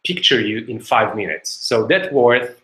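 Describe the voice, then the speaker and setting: A man voicing a calm, self-assured old painter who answers flatly and matter-of-factly. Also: medium pitch, measured pace, reverberant, poor audio. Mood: unbothered.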